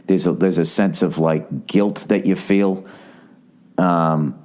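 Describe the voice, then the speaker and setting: A man in his forties hosts a solo podcast, speaking slowly in a low, steady, darkish voice. He tells a long, profane story at his own expense, full of restarts and digressions.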